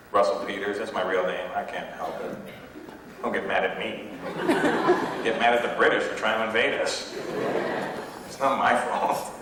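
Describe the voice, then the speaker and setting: Echoey stand-up comedian from Canada. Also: male voice, lowish voice. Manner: brash, self-mocking, slips into impressions. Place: stage in a hot hall. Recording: echoey hall from far off, noisy old tape.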